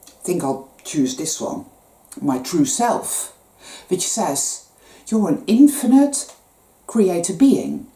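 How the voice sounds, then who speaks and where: Woman with a low, lively voice doing a spiritual talk, earnest, swears a lot, echoey room. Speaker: spiritual vlogger. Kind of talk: spiritual monologue.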